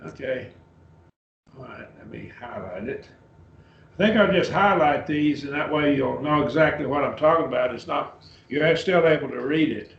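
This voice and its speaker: A man teaching a Bible class, going through Greek words at an easy, halting pace and calling on students by name. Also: mid-range voice, vocal fry, slight background noise. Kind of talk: Bible class lesson, Greek word study. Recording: roomy, dull lo-fi class recording.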